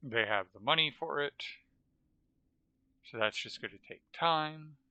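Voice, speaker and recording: Man game streamer, very bright voice, smooth and clear, chatty, muses aloud while playing. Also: on the high side, unhurried, no echo, lo-fi sound. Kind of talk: casual live-stream chat while playing.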